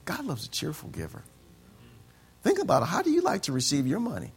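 A man preaching a sermon, acting out quoted voices and swinging from soft, quick asides to shouted lines. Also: a little high, wildly swooping pitch, vocal fry, husky. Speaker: pastor.

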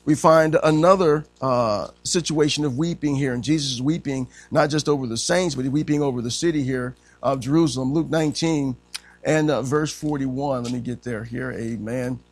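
A man preaching a sermon in a conversational way. He often says amen and voices quotes by pitching up. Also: normal speed. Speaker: pastor.

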